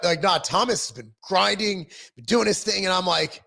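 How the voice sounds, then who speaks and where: High-voiced middle-aged man chatting live. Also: expressive, brisk, creaky, sharp tone. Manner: rambling, self-deprecating, frequent ums and restarts. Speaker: livestream host reading viewer comments. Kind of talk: casual livestream chat.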